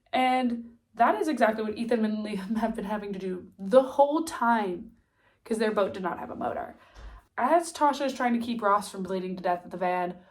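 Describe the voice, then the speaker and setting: Stuffy-nosed woman chatting through a recap. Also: medium pitch. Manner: chatty, lots of "like" and "um" fillers. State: stuffy nose. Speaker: TV recap vlogger. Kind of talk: casual spoken recap.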